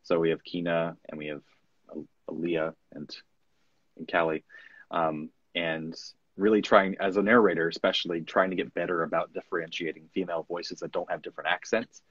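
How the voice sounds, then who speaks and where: A man's voice: deep voice, little pitch movement, normal speed, fairly bright tone, slightly rough, dry recording. A man who narrates audiobooks, speaking candidly and reflectively in a conversational interview, recorded with dull, muffled lo-fi sound.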